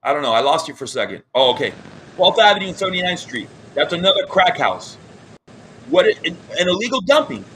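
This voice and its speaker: A man's voice: high voice, sing-song, fast talker, pushed and bright, a little hiss or hum. A man hosting a live-streamed interview over a video call, talking with upset passion and repeating himself. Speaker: online news show host.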